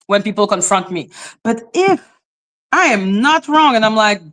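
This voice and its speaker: A woman with as her ranting bluntly on a live stream, swearing freely, dropping to flat mutters and jumping to high exclaims. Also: normal speed. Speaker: livestream host. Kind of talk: casual live-stream rant.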